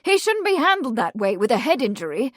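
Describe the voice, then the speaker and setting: A woman voicing a sober, commanding gentleman who speaks firmly, in an audiobook. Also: fairly high pitch, big pitch swings, a little fast, no room sound, studio quality, voice pushed up. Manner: firm and sober.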